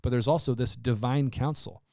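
A man's voice: mid-range voice, normal speed, no echo. Man retelling stories in a dry recording. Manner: lively storyteller who acts out quoted lines. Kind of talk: casual Bible discussion.

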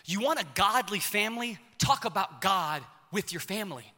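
Passionate young preacher in a big echoing hall. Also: male voice, high-pitched, expressive, normal speed. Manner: passionate, swings from shouting to hushed. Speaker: pastor. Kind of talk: sermon. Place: church auditorium. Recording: long reverb of a large hall.

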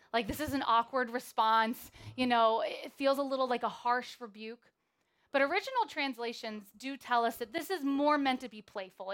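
A woman preaching a sermon in a church, telling a Bible story in a lively, playful way. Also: on the high side.

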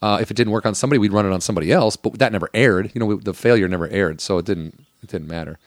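A man's voice: on the low side, rapid-fire, no room sound, studio quality. A man telling showbiz stories in casual chat, swearing and laughing as he goes.

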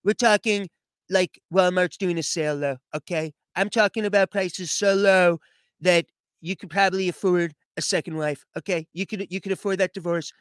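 A man's voice: high-pitched, fairly even intonation, moderate pace, a bit bright, clear, resonant tone, no room sound, studio quality. A man putting on an impression of a brash older male politician who rambles and keeps tagging "okay?" onto his boasts. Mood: boastful.

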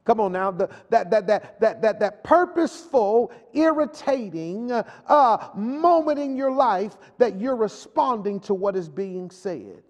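A man's voice: high-pitched, lively intonation, measured pace, hardly any pauses. A male pastor preaching a sermon with a repetitive, call-and-response delivery. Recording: long hall reverb.

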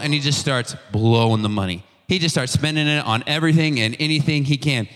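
Young male youth pastor in a reverberant hall. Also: a little high. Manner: conversational, animated storytelling with slang and restarts. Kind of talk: casual youth sermon.

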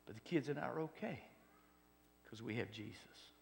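Gravelly preacher man in a hall. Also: mid-range voice, lively intonation, normal speed, slight background noise. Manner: swings from loud exhortation to hushed near-whispers. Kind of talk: sermon testimony. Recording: long hall reverb.

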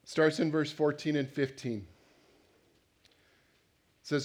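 A man's voice: mid-range voice, moderate pace, long pauses. A man preaching a sermon in a conversational way, putting questions to the congregation and reading scripture aloud. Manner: conversational, asks the congregation questions, acts out voices. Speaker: pastor.

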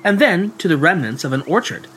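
A man narrating folk ghost tales in a measured, dramatic storytelling manner. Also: sits high, lively intonation, bright, forceful tone, a little hiss or hum. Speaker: podcast storyteller.

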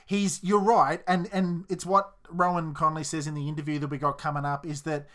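A man's voice: on the high side, level tone, fairly quick, fairly bright tone. An Australian man co-hosting a casual sports podcast, gleeful and chuckling as he talks. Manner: gleeful, chuckling while teasing rivals. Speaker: podcast co-host.

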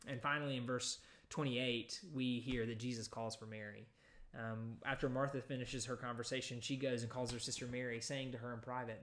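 A man preaching a sermon in a conversational teaching tone, pausing with fillers and reading scripture passages aloud. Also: mid-range voice, little pitch movement, a bit bright. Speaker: pastor.

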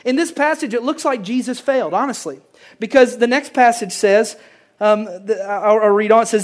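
A pastor preaching a sermon, swinging between loud emphasis and hushed lines and repeating phrases for effect. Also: medium pitch, moderate pace.

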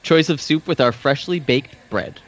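A man's voice: on the high side, normal speed, fairly bright tone. A man reading a menu aloud in a casual group, adding dry, wry asides.

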